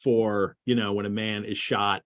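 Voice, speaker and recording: A man's voice: lowish voice, level tone, moderate pace, no echo. Man, rambling casual book chat host. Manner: rambling, lots of restarts and fillers. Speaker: podcast host. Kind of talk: casual literary discussion.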